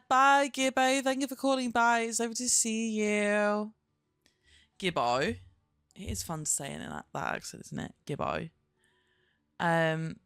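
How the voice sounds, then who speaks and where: A woman's voice: low-pitched, fairly bright tone, dry recording. A young woman, chatting casually and expressively on a live stream, swearing and laughing often. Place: at her desk at home.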